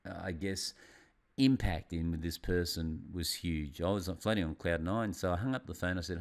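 Addressing his audience as "ladies and gentlemen," a male business consultant recounts his story in a motivational seminar talk. His delivery swings theatrically in pitch and loudness, at a normal speed.

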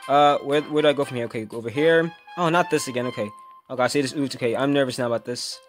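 A man's voice: medium pitch, fast talker, soft background music. A young man giving casual gameplay commentary as a gaming video host, jumpy and easily frustrated, yelping and raging when he falls.

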